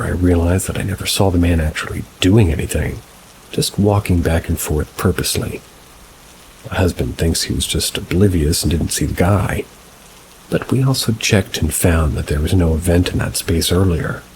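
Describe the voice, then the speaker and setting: A man reading reader-submitted paranormal stories as scripted narration, at a slow, measured pace. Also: low voice, background noise. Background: rain.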